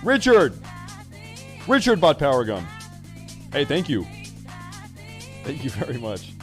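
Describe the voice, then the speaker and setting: A man's voice: mid-range voice, animated, unhurried, soft background music. A young man chatting loosely and swearing while live-streaming a game, joking with his viewers. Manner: loud, joking, swears, rambles. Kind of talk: casual live-stream chat while gaming.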